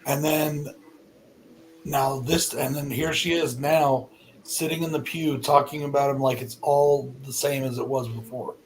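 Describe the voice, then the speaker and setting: A man's voice: mid-range voice, fairly even intonation, a little slow, crowd noise, rough recording. A man hosting a casual podcast chat, rambling with lots of fillers. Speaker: podcast host.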